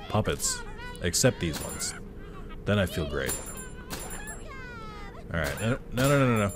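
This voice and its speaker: A man's voice: deep voice, animated, measured pace, long pauses, slight background noise. A man giving casual let's-play commentary on a game, chatty and laughing, swearing freely at what happens on screen. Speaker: gameplay commentator.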